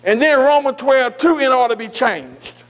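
A man gives a sermon, reading scripture slowly with drawn-out words before questioning his congregation and repeating phrases for emphasis. His voice is very high-pitched with lively intonation.

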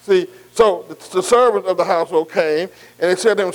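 A man's voice: high voice, brisk, hardly any pauses, poor audio. A man preaching a call-and-response sermon, asking "am I right?" again and again. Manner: repeats "am I right?" to the congregation.

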